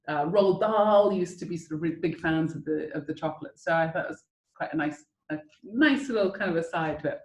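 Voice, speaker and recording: A woman's voice: lowish voice, lively intonation, fairly quick, a little mellow, reverberant, low-quality recording. A woman hosting a guided whisky and chocolate tasting over a video call, chatty and enthusiastic as she coaches the listeners.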